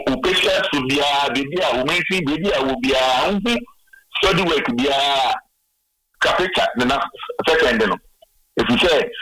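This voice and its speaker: Ghanaian male guest, forceful bright tone, patient explainer, frequent hesitation fillers. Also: mid-range voice, low-quality recording. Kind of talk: radio interview answers.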